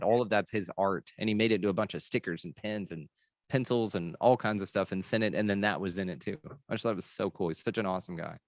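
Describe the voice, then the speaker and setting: A man's voice: fairly low pitch, no room sound. A man hosting a casual podcast chat, laid-back and effusive. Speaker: host.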